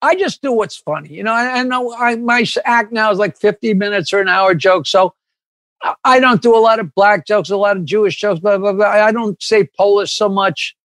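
An older man from Long Island, a comedian guest telling rambling, animated anecdotes in a casual interview, with many restarts and asides. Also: high voice, brisk, no room sound. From Long Island, New York.

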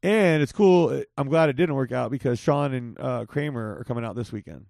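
A man's voice: medium pitch, brisk, creaky, a little mellow, no echo, studio quality. Profane joking man in his forties. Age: 40s. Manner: loose, profane, joking banter. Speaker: podcast host. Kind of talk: casual chat. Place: Las Vegas.

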